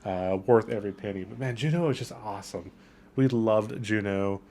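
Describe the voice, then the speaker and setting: A man's voice: on the low side, normal speed, a little mellow, slight background noise. A man hosting a casual travel vlog outdoors in a port town, talking with eager enthusiasm and lots of superlatives. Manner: enthusiastic and upbeat, with frequent superlatives. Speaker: travel vlogger.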